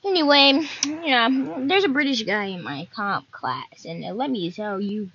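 A woman's voice: medium pitch, expressive, unhurried, hardly any pauses, pushed and bright, lo-fi sound, slight background noise. A young woman hosting her own podcast, chatting casually and rambling from one topic to the next. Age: young adult. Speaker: podcast host.

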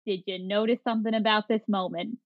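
A chatty woman co-hosting a casual podcast, talking over a video call. Her voice sits at an ordinary middle pitch, and the audio comes through a little dull and lo-fi. She keeps the conversation moving by recapping what happened. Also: fairly even intonation, quick pace. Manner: chatty, recaps scenes by quoting characters. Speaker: podcast co-host. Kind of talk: casual chat.

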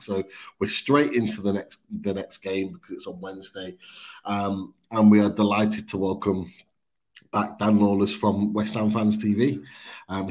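A Geordie man co-hosting a casual fan podcast, speaking in a fairly low voice. He sounds upbeat and opinionated, and he repeats himself with plenty of ums. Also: darkish tone. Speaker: podcast co-host. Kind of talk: casual fan-show chat.

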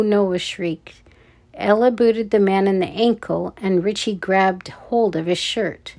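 A woman reading a children's adventure audiobook aloud. She keeps an unhurried, steady pace at a mid pitch, measured but expressive. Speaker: narrator. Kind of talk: audiobook narration.

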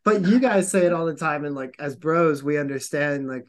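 A man hosting a casual chat, speaking in an animated, rambling way with lots of fillers and swearing. He acts out the people he quotes with jumps in his voice. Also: fairly high pitch, fairly quick.

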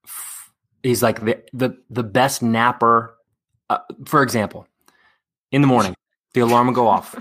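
A man's voice: mid-range voice, fairly even intonation, a little slow, pauses often, fairly bright tone. A man from Texas, an actor, chatting candidly in an interview with many fillers and restarts. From Texas, USA. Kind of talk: casual interview chat.

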